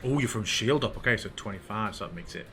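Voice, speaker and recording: A man acting as game master, narrating combat in a relaxed, playful way. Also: on the low side, fast talker, faint music behind. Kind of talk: running a tabletop game online.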